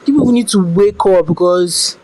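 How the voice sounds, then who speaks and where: This Nigerian woman, a podcast guest, shares a personal story in a chatty, animated manner, dropping into pidgin and repeatedly restarting what she says. Her medium-pitched voice moves at a normal speed on a rough recording.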